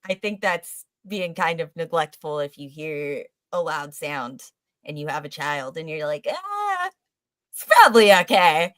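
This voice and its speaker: A woman co-hosting a casual podcast chat, teasing the others with quick banter. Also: deep voice, fairly even intonation, a bit bright, dry recording. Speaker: podcast co-host.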